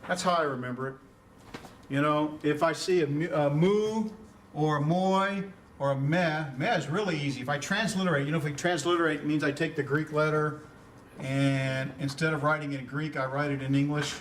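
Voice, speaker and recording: A man teaches a beginners' class in a chatty, joking way, asking students questions as he goes. His voice sits a little high. He is recorded from some distance in a classroom with faint background noise. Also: moderate pace, fairly bright tone. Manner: conversational, quizzes students, chuckles at own puns. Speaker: Greek instructor. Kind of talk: classroom lecture.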